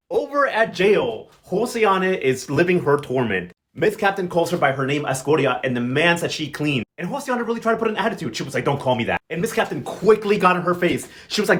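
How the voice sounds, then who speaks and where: A man's voice: high voice, expressive, quick pace, hardly any pauses, a bit bright. A man giving a casual telenovela recap, sassy and slangy, telling the story with dramatic flair. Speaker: recap vlogger.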